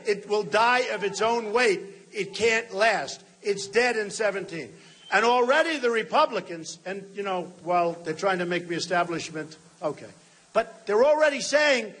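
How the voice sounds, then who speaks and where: Very high, bright, and slightly rough, this sixty-something man's voice carries a forceful tone. As a political candidate, he delivers an unscripted campaign rally speech to a big hall, repeating himself emphatically and frequently speaking straight to the audience.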